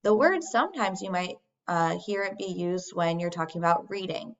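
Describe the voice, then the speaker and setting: A woman teacher giving a recorded phonics lesson, speaking slowly and deliberately as she models sounds for young children. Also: fairly low pitch. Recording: dull lo-fi sound.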